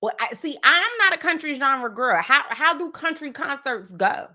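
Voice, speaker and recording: A woman from New Jersey hosting a casual pop culture podcast, animated and playful, sometimes slipping into jokey made-up song parodies. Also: high voice, moderate pace. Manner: animated, playful, breaks into sung parody bits. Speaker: podcast host.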